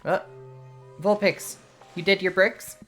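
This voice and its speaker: A woman's voice: mid-range voice, fairly even intonation, slow, soft background music. A woman streaming a video game, chatting casually, swearing freely and reading game dialogue aloud. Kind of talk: casual gameplay commentary.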